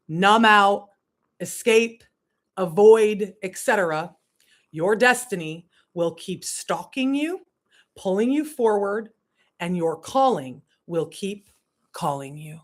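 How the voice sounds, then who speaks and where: On a candid livestream, a woman spiritual coach delivers a monologue full of laughter and swearing, swinging from hushed asides to emphatic bursts. Her medium-pitched voice has lively intonation and a slow pace.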